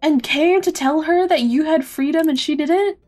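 A high-voiced woman streams a video game, reacting in loud, excitable bursts and swearing freely. She calls out to the characters as she plays. Faint game music runs underneath. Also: normal speed. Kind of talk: gameplay commentary.

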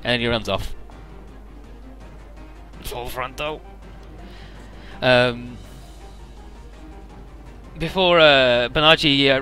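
A man's voice: mid-range voice, bright, forceful tone. A man casually recapping a video game story, loose and irreverent, with lots of filler words and swearing.

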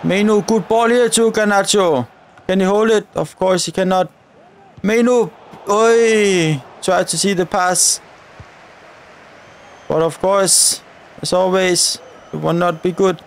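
A man's voice: high-pitched, fairly even intonation, takes it slowly, creaky, long pauses. A man giving live, chatty commentary over a football video game as a gaming video creator, grumbling at the referee and his players.

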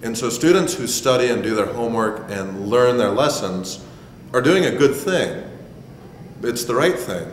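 A teacher being interviewed, speaking in a reflective, measured way. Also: male voice, medium pitch, expressive. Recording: echoey hall with crowd noise.

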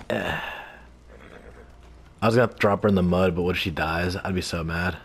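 A man giving casual, excitable commentary while playing an online western game, swearing freely and joking at himself. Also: deep voice, measured pace, a little hiss or hum. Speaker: gameplay streamer.

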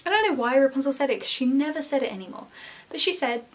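Young woman vlogger with a slightly high voice, telling work stories in a chatty, filler-heavy way. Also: very fast. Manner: chatty, many "like" fillers, lively emphasis. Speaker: former theme park character performer. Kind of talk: casual storytelling vlog.

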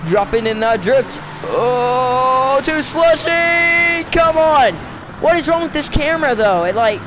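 A gaming channel host giving casual gameplay commentary, excitable and easily frustrated, with loud outbursts and low muttering between them. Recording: racing game engine noise underneath. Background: car engine and race sounds from the game.

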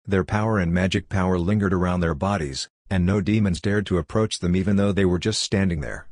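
A man narrating a fantasy audiobook with steady, even scripted reading. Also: sits low, brisk, no room sound, clean studio sound.

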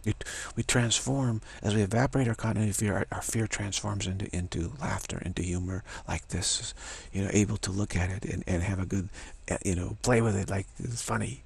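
A man's voice: fairly low pitch, brisk, creaky, slightly rough. A man giving an informal spiritual talk, rambling and laughing as he acts out imagined voices. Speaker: spiritual teacher.

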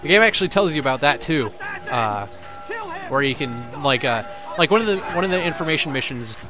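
A young man doing casual let's-play commentary, joking and swearing a lot, with animated outbursts. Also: medium pitch, brisk. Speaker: gameplay commentator. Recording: faint game music behind.

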